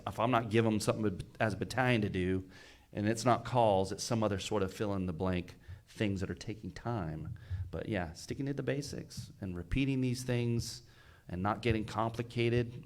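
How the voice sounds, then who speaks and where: A man, a fire battalion chief, telling a rescue story in casual podcast chat, earnest and emphatic, often stumbling and repeating words. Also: fairly low pitch. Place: recorded live on location at a fire expo.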